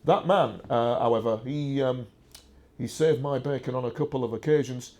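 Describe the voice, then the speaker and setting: This English speaker, medium-pitched and a little mellow at a normal pace, delivers an emphatic, rambling first-person talk with slides. He keeps digressing, restarting, and filling gaps with "uh."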